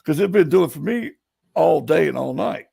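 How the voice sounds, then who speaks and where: Gravelly high-voiced man. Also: moderate pace, no room sound. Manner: animated, laughing storyteller. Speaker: paranormal investigator. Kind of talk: casual storytelling on a live stream.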